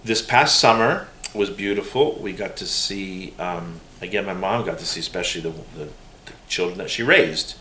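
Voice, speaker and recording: A middle-aged man telling family stories in a casual, animated way during an oral history interview, with laughter. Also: deep voice, normal speed. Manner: animated, laughing, mimics voices when quoting. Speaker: interviewee's son. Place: room in a museum. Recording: roomy room with faint hiss.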